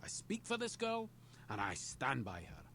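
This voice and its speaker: An actor playing a loyal young clanless dwarf in a video game, speaking earnestly and respectfully. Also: male voice, medium pitch, normal speed, exaggerated voice. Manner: hesitant, then steady and earnest.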